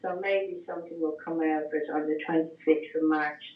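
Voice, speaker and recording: A woman's voice: low-pitched, steady tone, fairly quick, echoey room. Irish woman on a distant, dull line. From Ireland. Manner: rambling storyteller, many fillers. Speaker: guest. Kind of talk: casual chat on a call-in show.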